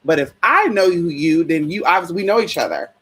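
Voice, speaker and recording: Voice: mid-range voice, animated, brisk, a bit bright, husky. A vlogger telling a story in a casual, profane, chatty way, calling viewers y'all, girl and honey.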